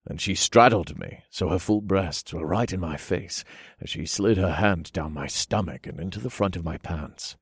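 A man narrating a first-person erotic story in a low, breathy, intimate way. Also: moderate pace, dry recording, clean studio sound.

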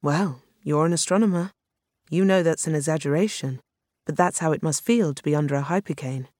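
A courteous, composed woman explorer on the moon, as a storybook reader puts her on. She talks in a measured, formal way and stays gently reassuring, even when the news is grave. The read is dry and close, with no room echo. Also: deep voice. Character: calm, courteous Chinese woman lunar explorer.

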